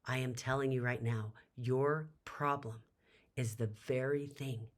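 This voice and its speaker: A motivational speaker tells a story with drama and emphasis, her extremely low voice climbing sharply at the emotional peaks. Her intonation is otherwise fairly even and her pace unhurried, with slight background noise.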